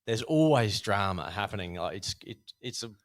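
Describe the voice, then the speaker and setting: A man, a guest telling a casual, animated story about his boxing past with many fillers. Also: on the low side, normal speed. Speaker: podcast guest, former Thai boxer.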